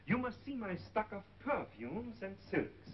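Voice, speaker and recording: An actor playing a smooth-talking middle-aged male shop owner with oily, ingratiating charm, in 1930s film acting on a dull 1930s film soundtrack. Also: sits high, sing-song, measured pace.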